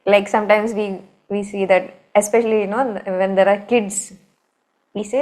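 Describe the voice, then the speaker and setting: A woman's voice: mid-range voice, fairly even intonation, moderate pace, darkish tone. A woman with an Indian English accent, a spiritual teacher telling a scripture story in a conversational way with many asides.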